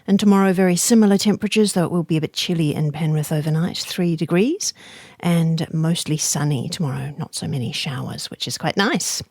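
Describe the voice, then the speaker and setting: Woman radio host, low and dry. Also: fairly quick, darkish tone, no echo. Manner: chatty, self-correcting, friendly. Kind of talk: radio interview and weather read. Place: radio studio. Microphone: studio microphone.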